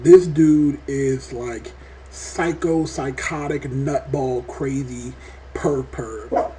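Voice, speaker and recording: A man reviewing a TV episode in a casual vlog, talking in an animated, rambling way and swearing often. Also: a little high. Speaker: TV show reviewer.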